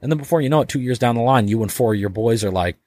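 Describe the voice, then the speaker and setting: A man's voice: medium pitch, rapid-fire, darkish tone, dry recording. A man as a podcast guest talking casually and loosely, filling his sentences with "like", swearing offhandedly and acting out little dialogues. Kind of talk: casual conversation.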